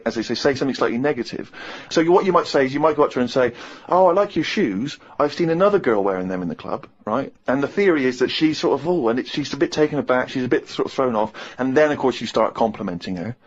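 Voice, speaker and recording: On a casual radio show, a male co-host in his thirties tells a funny story, acting out other people's lines and laughing mid-sentence. His mid-range voice moves fast, and the radio recording sounds slightly muffled.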